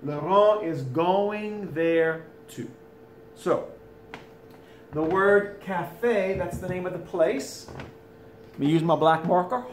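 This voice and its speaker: A fairly high-voiced man walks through a French lesson at home, chatty and folksy. A faint hiss of background noise sits under his voice. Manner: chatty, folksy asides between explanations. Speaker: French teacher. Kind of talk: recorded video lesson. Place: home, during school closure.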